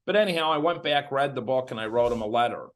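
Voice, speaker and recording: A man from Illinois, a guest in an interview, telling his story in a candid, animated way and acting out what others said. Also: medium pitch, fast. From Illinois, USA.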